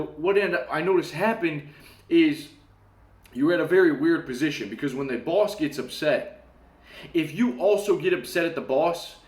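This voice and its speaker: A young man in a casual storytelling monologue, animated, swearing casually and acting out the voices of people in his story. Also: on the high side. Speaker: self-help talker. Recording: echoey room.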